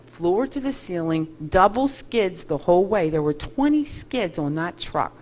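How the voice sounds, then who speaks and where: A middle-aged woman shares a faith testimony with a congregation, her voice sitting a little low. She tells it as an animated story and plays out every exchange. A faint background hiss runs under the recording. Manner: animated storyteller, acts out quoted dialogue. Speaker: ministry worker giving testimony.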